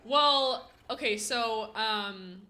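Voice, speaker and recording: A woman's voice: a little high, very slow, sharp tone. A Canadian woman streaming a game, chatting casually with her chat, giggly and full of "like" fillers. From western Canada. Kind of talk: casual live-stream chat while gaming.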